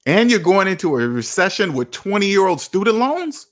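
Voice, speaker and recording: Man, personal finance host, casual livestream talk, emphatic, rhetorical questions, higher-pitched. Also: big pitch swings, moderate pace.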